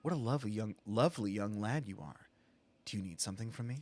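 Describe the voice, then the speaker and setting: A man's voice: lowish voice, fast, darkish tone, voice pushed down, natural voice. A man doing a coy, flirty shopkeeper. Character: flirty disguised male desert shopkeeper. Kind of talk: reading game dialogue aloud.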